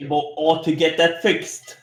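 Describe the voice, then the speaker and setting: Slow-talking laughing man player. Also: on the high side, little pitch movement, echoey room. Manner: swears often, laughs a lot. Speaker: player voicing an orc businessman. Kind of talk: tabletop role-play banter.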